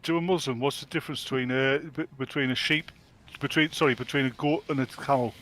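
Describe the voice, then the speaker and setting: A man from Britain chatting casually while gaming online, teasing the others and telling jokes with halting restarts. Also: medium pitch, fairly even intonation, fairly bright tone.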